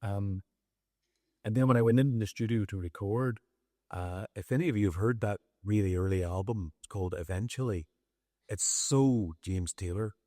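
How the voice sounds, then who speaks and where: A middle-aged Northern Irish songwriter chatting on stage with an easy, storytelling manner. His voice sits low, and the close mic gives a dry sound with no room around it. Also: normal speed, dry recording. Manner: relaxed, storytelling, self-deprecating. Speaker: songwriter guest. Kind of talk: on-stage conversation.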